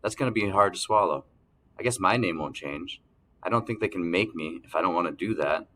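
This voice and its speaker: Man, deep voice, audiobook narrator, first-person, calm, even. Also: brisk, a little hiss or hum.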